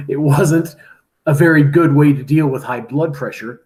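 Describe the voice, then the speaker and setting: A man's voice: fairly high pitch, a little slow, darkish tone. A man teaching a class, casually retelling a story with lots of "like" and "right?".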